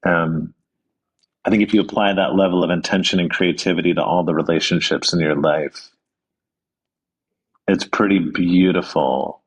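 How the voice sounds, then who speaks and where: Interview guest: man, very low voice, earnest and anecdotal, restarts his sentences often. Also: slightly rough. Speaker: guest, author. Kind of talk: conversational interview storytelling.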